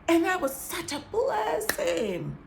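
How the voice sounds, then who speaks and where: A woman's voice: extremely high pitch, huge pitch swings, slow pace, vocal fry, background noise. A woman giving an earnest faith-based talk, emphatic, dropping into whispers and laughing between phrases. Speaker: survivor sharing testimony.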